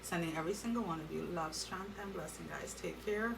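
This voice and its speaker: A woman's voice: fairly low pitch, a little fast, creaky, distant mic, a crowd in the background, poor audio. A woman giving an earnest tarot card reading and talking straight to her viewers with advice. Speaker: tarot reader.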